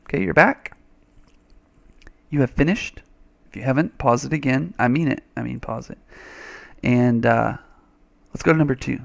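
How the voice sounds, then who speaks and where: A man's voice: mid-range voice, moderate pace, creaky, long pauses. A man teaching a reading lesson over a screen recording, chatty and thinking aloud, with little playful sound effects.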